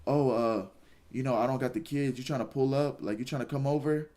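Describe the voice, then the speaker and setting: A man on a livestream mimicking a persistent, flirty woman who sulks when he turns her down, in a quieter, mumbled voice. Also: mid-range voice, steady tone, brisk, natural voice. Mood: coaxing. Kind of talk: retelling a conversation on a livestream.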